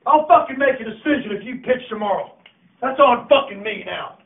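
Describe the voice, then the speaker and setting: A man coaching a high school team, shouting and swearing as he berates his players in a locker room. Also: expressive, fairly quick, creaky. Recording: echoey, distant, tinny phone-like audio.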